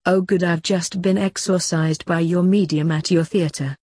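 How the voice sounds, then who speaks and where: A teasing, amused man who is secretly a grim reaper , read by a woman. The voice is low and husky, in a dry, close recording. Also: fairly even intonation, normal speed, dark tone, dry recording.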